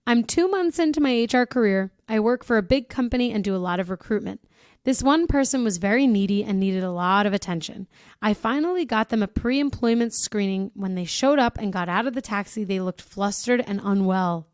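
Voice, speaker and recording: A woman's voice: fairly high pitch, normal speed, smooth, no room sound, clean studio sound. A woman hosting a podcast, reading listener stories aloud in a casual, chatty way, often laughing and breaking off to react. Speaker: podcast host.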